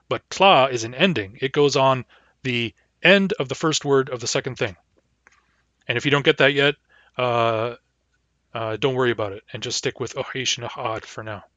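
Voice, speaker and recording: A man giving a recorded language lecture, patiently repeating words slowly for learners. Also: mid-range voice, pushed and bright, dry recording, muffled recording. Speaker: language teacher.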